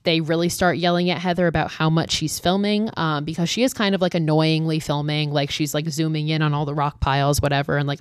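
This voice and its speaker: A woman casually retelling a film's plot with frequent swearing and filler words, speeding up in animated bursts. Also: sits low, no echo, clean studio sound. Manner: animated, quick bursts, lots of "like". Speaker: film recap storyteller.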